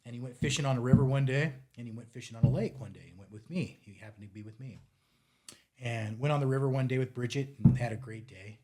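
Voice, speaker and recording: Casual 40s guy telling a fishing trip story on a podcast, normal pitch, acts out the dialogue. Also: quick pace. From United States. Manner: animated, acts out quoted dialogue, drops to near-mutter at times. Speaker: fly shop owner and fishing guide.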